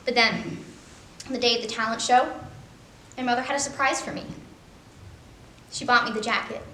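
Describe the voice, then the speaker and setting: A woman's voice: on the high side, fairly even intonation, moderate pace, a little hiss or hum. A woman voicing a bitter, washed-up middle-aged male horse, delivering a sardonic, darkly funny stage eulogy in a roomy, echoing space. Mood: wry. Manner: sardonic, dark-humoured, self-deprecating. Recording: roomy echo.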